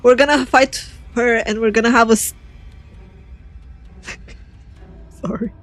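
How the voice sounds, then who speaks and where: A young woman streamer giving giggly, animated gameplay commentary and reading the game's choices aloud. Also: a little high, slow, faint music behind.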